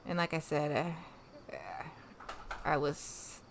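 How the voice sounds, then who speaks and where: A woman's voice: deep voice, expressive, slow, creaky, background noise. A woman from the American South with no regional accent, hosting a casual livestream and chatting with viewers, trailing off with fillers and restarts. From Southern United States. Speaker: livestream host.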